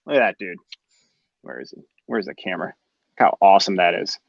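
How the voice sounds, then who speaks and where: A man's voice: sits low, a little fast, creaky, no room sound, dull audio. Chatty man hosting a live collectors' show. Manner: chatty, enthusiastic, reads out viewer comments. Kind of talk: casual chat.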